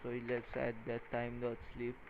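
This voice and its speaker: A tired man talking casually while he codes and wires a small electronics project, halting and counting pins out loud. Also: medium pitch, monotone. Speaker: maker coding a microcontroller project. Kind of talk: casual talk-through while working. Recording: tinny phone-like sound with faint noise.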